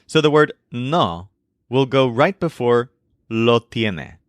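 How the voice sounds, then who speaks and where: A man teaching a language lesson in a clear, explanatory manner, slowing down for each example phrase. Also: mid-range voice, animated, no room sound. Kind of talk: scripted lesson narration.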